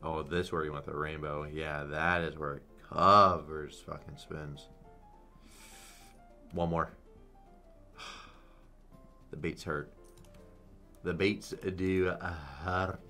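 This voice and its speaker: A young man giving casual, excitable commentary while playing a slot game, swearing freely. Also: a bass voice, slow pace, pauses often, soft background music. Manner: excitable, swears a lot, chants "come on". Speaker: slot streamer. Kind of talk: live gambling commentary.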